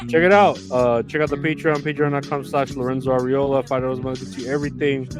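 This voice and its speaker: With music behind him, this man speaks fast in a steady, medium-pitched voice. He's running a solo podcast, delivering a profane, rambling, self-mocking monologue that drifts all over the place.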